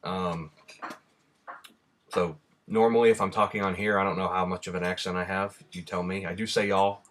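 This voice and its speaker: A man's voice: low voice, little pitch movement, moderate pace, a bit bright, a little hiss or hum. A man from Rhode Island with a slight Southern drawl chats casually and bluntly, answering questions with lots of ums. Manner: rambling and blunt, with many ums. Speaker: vlogger.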